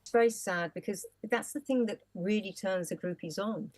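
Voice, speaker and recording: A woman's voice: mid-range voice, normal speed, darkish tone. A woman performing in an improv comedy scene, playful and teasing.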